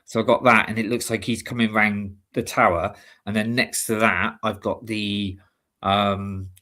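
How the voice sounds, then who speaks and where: A man's voice: lowish voice, level tone, measured pace, pushed and bright. A man co-hosting a live stream in casual chat, rambling and chatty and often laughing.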